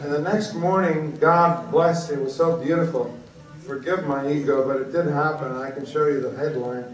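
A man giving an animated, blunt storytelling speech at a book conference. He swings from low asides to loud shouted outbursts. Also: normal speed, recorded from a distance, crowd noise. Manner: blunt and profane. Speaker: guest speaker at a book conference. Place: conference hall. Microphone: PA system taped from the audience on a cassette recorder. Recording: echoey hall, taped from the audience on cassette.

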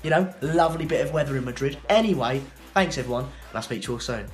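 A man's voice: mid-range voice, animated, quick pace, soft background music. A man, a football presenter rambling and joking through a match prediction. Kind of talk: casual self-recorded prediction.

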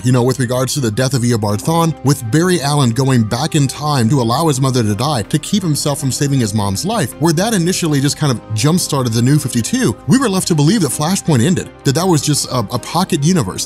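A man recapping a comic story in casual commentary, excitable, often repeating words and restarting phrases, and quoting characters in a raised voice. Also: medium pitch. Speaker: comics explainer host.

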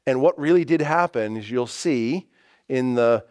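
Slow, emphatic male preacher. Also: medium pitch, darkish tone. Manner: emphatic preaching with rising stressed phrases; reads scripture aloud with slow stress. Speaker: pastor. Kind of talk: sermon.

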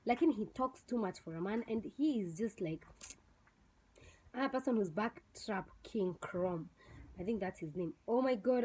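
A woman's voice: medium pitch, mellow, husky, rough recording. A young woman with a Kenyan accent giving a blunt, scornful review on her vlog channel, mixing in Swahili slang. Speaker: vlogger reviewing a TV show. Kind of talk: casual opinionated review.

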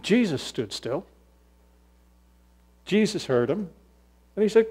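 A male pastor preaching a sermon, telling stories in an animated way and acting out voices. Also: fairly high pitch, unhurried, long pauses. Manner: storytelling, animated, acts out voices.

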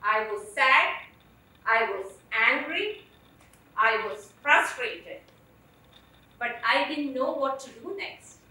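A woman with a high, bright voice telling her own story on stage, earnest and deliberate. The sound is very echoey and comes from well back off the mic. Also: lively intonation, recorded from a distance. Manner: earnest, emotional, deliberate phrasing. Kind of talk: personal storytelling performance.

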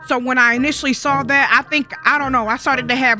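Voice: sits high, steady tone, fast talker, few pauses, music in the background. A young adult gaming YouTuber giving casual gameplay commentary, sassy and rambling, full of profane trash talk.

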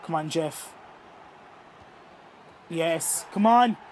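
A young Irish man with a high-pitched voice calls a football video game as he plays it. His commentary is excitable, full of swearing and outbursts at the screen. A faint hiss of background noise sits under his voice. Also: very slow. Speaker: gaming YouTuber. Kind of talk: live gameplay commentary.

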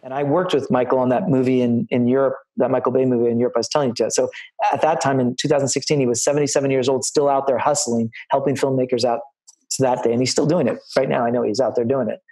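A middle-aged line producer gives career advice to students over a video call, telling rambling film-set anecdotes and restarting often. His voice is medium-pitched, steady, fast and dark, and the audio quality is poor.

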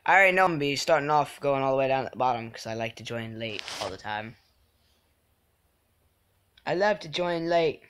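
Bright-voiced young man streaming a game. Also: medium pitch, a little fast, long pauses, slight background noise. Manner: excitable, swings from mumbling to yelling in frustration. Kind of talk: casual live game commentary.

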